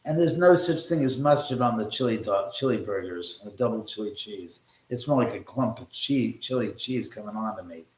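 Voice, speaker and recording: A man's voice: fairly low pitch, animated, normal speed, hardly any pauses. Chatty joking man in an echoey room. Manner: chatty and joking, cursing freely. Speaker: livestream host. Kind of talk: casual livestream chat, reading viewer comments. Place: room in his house. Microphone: phone.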